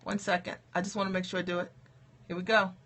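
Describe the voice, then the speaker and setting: A woman's voice: lowish voice, level tone, fast, fairly bright tone. A woman coach giving an upbeat, encouraging motivational talk on a livestream, often checking in with "okay?" and "right?". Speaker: coach for mothers in business.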